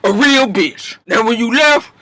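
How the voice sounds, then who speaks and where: A woman voicing a brash, outspoken middle-aged mother who talks loudly and indignantly. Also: a little high, lively intonation, a little slow, dry recording, voice pushed up, heavily acted, rough recording. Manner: loud, indignant, blunt.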